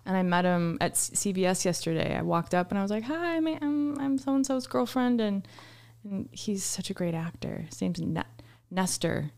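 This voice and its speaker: A woman's voice: lowish voice, steady tone, normal speed, creaky, darkish tone. A woman co-hosting a podcast in casual chat, hesitant, restarting her sentences and giggling. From Los Angeles. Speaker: podcast co-host.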